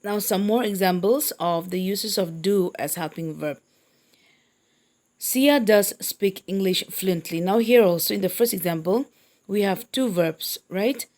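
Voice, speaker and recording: A woman's voice: mid-range voice, moderate pace, a little mellow. Patient woman teaching English grammar. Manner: patient, repeats points and checks understanding. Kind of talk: classroom grammar lesson.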